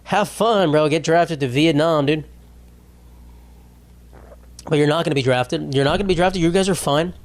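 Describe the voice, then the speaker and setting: Young guy podcast host, sarcastic crude rambling, kinda high voice. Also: normal speed, pauses often. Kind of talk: casual comedic monologue.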